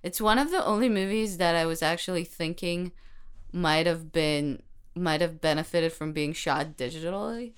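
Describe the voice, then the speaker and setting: Smooth-voiced woman chatting playfully about films. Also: fairly low pitch. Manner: playful, quick jokes, frequent fillers. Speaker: podcast co-host. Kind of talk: casual movie discussion.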